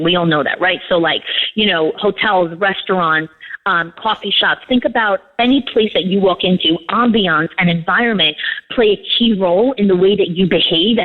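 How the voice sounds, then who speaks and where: Woman coaching over a tinny line. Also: medium pitch. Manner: animated storytelling, acts out quoted dialogue. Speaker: guest, leadership coach. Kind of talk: interview answers with examples.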